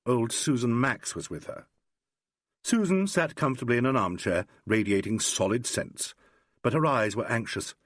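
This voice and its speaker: This male audiobook narrator has a husky, mid-range voice and reads a script at normal speed. The studio-quality recording carries no room sound.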